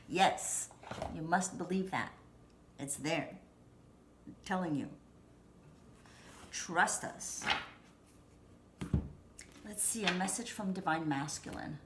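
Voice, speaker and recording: A woman's voice: on the low side, measured pace, pauses often, background noise. Chatty woman reading tarot, echoey room. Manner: chatty and reassuring, rambling with many fillers and restarts. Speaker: tarot reader. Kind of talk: casual spoken tarot reading. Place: at home.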